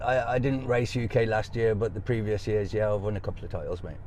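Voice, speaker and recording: A man's voice: fairly low pitch, steady tone, fast, a little mellow, a little hiss or hum. A man, a racing driver, chatting in a modest, laid-back way with short answers. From England. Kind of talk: casual chat.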